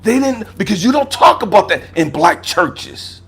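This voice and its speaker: An American man in his fifties, a life coach giving a personal testimony talk, emphatic and profane, swinging from raised outbursts to low murmurs. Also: big pitch swings, moderate pace, fairly bright tone, husky. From United States. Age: 50s.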